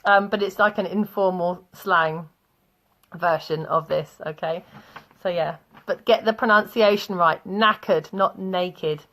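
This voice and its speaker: A woman's voice: on the low side, unhurried, a bit bright. Chatty teacher woman. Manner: chatty, laughs often, tells anecdotes. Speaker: English teacher. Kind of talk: online English vocabulary lesson.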